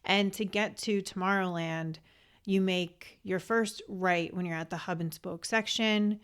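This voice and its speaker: A woman's voice: medium pitch, fairly even intonation, unhurried, a bit bright, clear, resonant tone. Gushing woman co-hosting a chat. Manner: enthusiastic, rambling with fillers and restarts. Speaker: podcast co-host. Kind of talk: casual chat.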